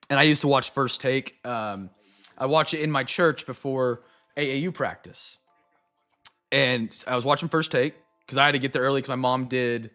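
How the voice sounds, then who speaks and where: A young man hosting a live card break, chatting to viewers and going off on excitable, rambling sports rants. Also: medium pitch.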